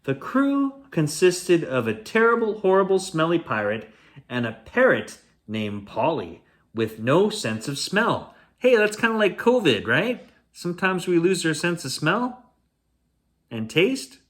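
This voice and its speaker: A man's voice: on the high side, sing-song, unhurried, fairly bright tone. A Canadian man hosting a bedtime story reading, chatty with playful asides. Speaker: storyteller host.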